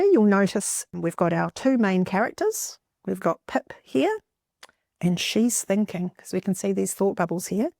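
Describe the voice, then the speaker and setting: A middle-aged woman teacher, giving a clear, expressive classroom lesson and stressing key words for young readers. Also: mid-range voice, no echo, clean studio sound.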